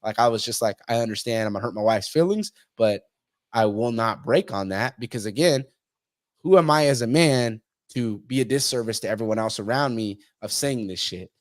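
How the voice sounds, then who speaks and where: A man's voice: medium pitch, a little fast, dry recording, clean studio sound. A man talking bluntly on a podcast, swearing a lot and acting out the people he quotes. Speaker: podcast guest. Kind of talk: casual podcast conversation.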